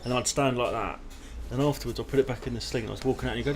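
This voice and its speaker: A man's voice: medium pitch, fairly even intonation, very fast, slight background noise. A man co-hosting a live comedy podcast, telling rambling anecdotes in casual chat. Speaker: podcast co-host.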